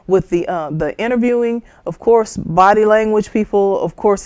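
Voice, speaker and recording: A woman giving a conversational talk on public speaking, lively and full of asides, jumping high in pitch to act out other people. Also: no echo. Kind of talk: instructional talk.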